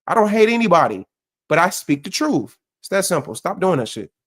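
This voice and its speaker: A man delivers heated commentary to his stream. He talks bluntly and profanely, circling back to hammer the same points over and over. His voice sits a little on the high side for a man. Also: very animated, a little fast, a bit bright. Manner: blunt, profane, repetitive and emphatic.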